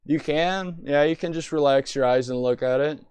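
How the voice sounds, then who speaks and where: A woman's voice: low voice, moderate pace, a little mellow, clear, resonant tone, no room sound. A young woman live-streaming and chatting casually, talking in a playful, rambling, silly way.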